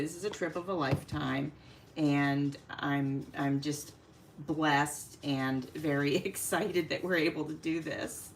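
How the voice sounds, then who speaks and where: A woman hosting a casual craft livestream, chatting warmly with viewers by name and laughing often as she works. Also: mid-range voice, a little hiss or hum.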